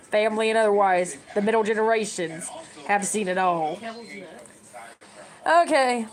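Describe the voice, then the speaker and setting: A woman's voice: medium pitch, normal speed, low-quality recording. A woman in her thirties talking casually to her camera, rambling and giving advice. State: tearful. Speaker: vlogger.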